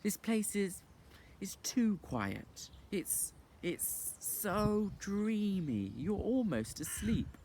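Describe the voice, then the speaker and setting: A man's voice: sing-song, moderate pace, a little hiss or hum, close to an everyday voice. A man doing Polly, a sensible young girl. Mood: urging. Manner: high, eager, urging voice. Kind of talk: audiobook reading.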